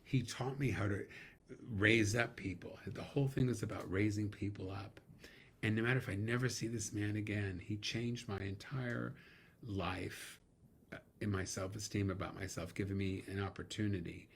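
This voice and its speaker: A middle-aged man, a guest actor, telling animated stories in a casual interview, laughing now and then. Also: lowish voice, moderate pace, vocal fry, slight background noise.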